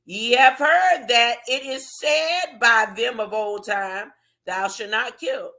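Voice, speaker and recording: A woman preaching alone from scripture in a casual, animated way, throwing out rhetorical questions as she reads. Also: on the high side, slow pace. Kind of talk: informal solo Bible teaching.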